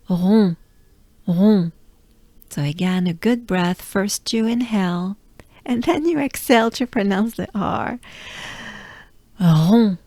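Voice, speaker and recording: French-accented woman, pronunciation coach, slow drawn-out drills, very slow pace, dry close sound. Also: lowish voice, gravelly, no room sound. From France. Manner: slow exaggerated drilling of sounds, with soft asides. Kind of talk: pronunciation lesson. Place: outdoors.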